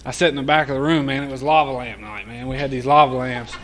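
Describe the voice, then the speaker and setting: A man's voice: medium pitch, fairly even intonation, quick pace, background noise. A man sharing his recovery story in casual, profane storytelling, often laughing as he talks.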